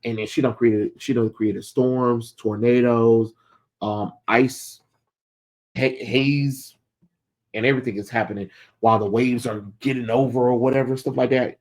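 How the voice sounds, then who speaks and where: A man's voice: medium pitch, fairly even intonation, a little slow, a little mellow. A man casually retelling a comic book's plot and reviewing it, quoting the characters loosely with lots of fillers.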